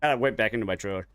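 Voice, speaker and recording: A man's voice: mid-range voice, a bit bright, no room sound, studio quality. A man in his forties chatting casually while gaming online, telling a long, profane story from work in a rambling way. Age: 40s. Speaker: gaming streamer.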